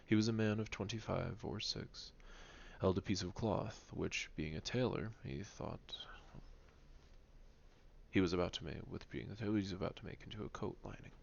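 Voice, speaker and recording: Deep gravelly man reading aloud. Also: normal speed, lo-fi sound. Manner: stumbles and rereads passages. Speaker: reader.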